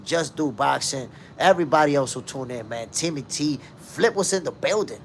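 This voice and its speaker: A man hosting a casual live boxing talk stream, speaking emphatically and shouting out viewers in the chat. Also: a little high, gravelly, slight background noise. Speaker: boxing show host.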